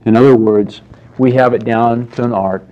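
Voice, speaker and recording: A man's voice: medium pitch, fairly even intonation, normal speed, warm tone, muffled recording. Conversational male preacher. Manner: storytelling with acted-out quotes, conversational. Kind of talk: sermon.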